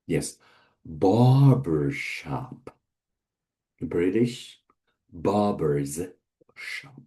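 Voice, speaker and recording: A man's voice: deep voice, mellow. A man giving a casual vocabulary lesson, hesitant with many fillers as he lists word pairs one by one. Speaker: English teacher.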